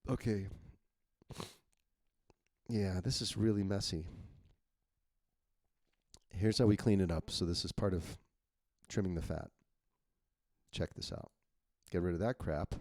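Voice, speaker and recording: A man's voice: sits low, fairly even intonation, unhurried, pauses often, a little mellow, dry recording, studio quality. A man editing his own novel on screen, thinking aloud bluntly and reading his draft lines to test them. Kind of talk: casual screen-recorded editing walkthrough.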